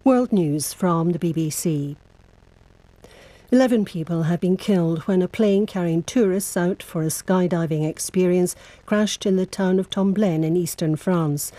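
Woman newsreader, formal and measured, low-ish mellow voice, dry studio sound. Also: no room sound. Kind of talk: scripted news bulletin.

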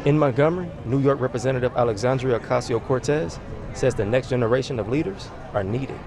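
A man reading a scripted news report from the field in a brisk broadcast manner. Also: medium pitch, music in the background.

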